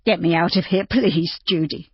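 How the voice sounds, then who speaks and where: A bitter, despairing young man with a low, husky voice, voiced by a woman narrator. He speaks slowly and flatly, and the recording sounds dry and a little dull. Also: dry recording. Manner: slow, flat and weary.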